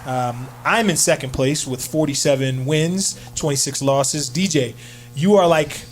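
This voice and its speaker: A man's voice: on the high side, a little slow, slight background noise. A man hosting a casual sports radio show in a studio, upbeat and filler-heavy, hyping up his co-hosts. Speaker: sports talk show host.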